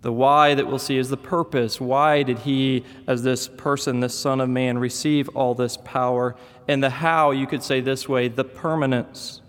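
A man's voice: medium pitch, little pitch movement, normal speed, few pauses, clear, resonant tone, long reverb tail. A man preaching a sermon in a conversational, storytelling manner. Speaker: pastor.

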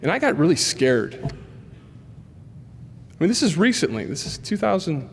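A man's voice: a little high, moderate pace, creaky, a little hiss or hum. A man preaching a sermon in a church, telling stories and acting out the voices of people in them. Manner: animated storyteller acting out dialogue. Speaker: pastor. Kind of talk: sermon storytelling. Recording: long reverb of a large hall.

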